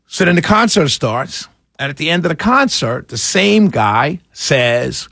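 A man's voice: a little high, expressive, normal speed, creaky, a bit bright, no room sound, clean studio sound. A man from New York City, hosting a casual monologue and chatting through a story with lots of fillers and restarts.

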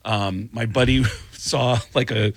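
A man with a husky edge to his voice spins a comic story in casual chat. He acts out the people in it as he goes. The sound is dry and close, with no room around it. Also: mid-range voice, fairly even intonation, slow, dry recording. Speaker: comedian.

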